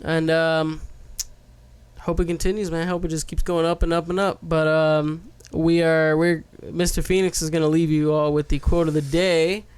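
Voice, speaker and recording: A man co-hosting a podcast in relaxed late-night chat, joking around and swearing freely. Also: on the high side, moderate pace, clear, resonant tone, no room sound. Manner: laid-back, swears freely, jokes around. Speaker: podcast co-host. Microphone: podcast mic.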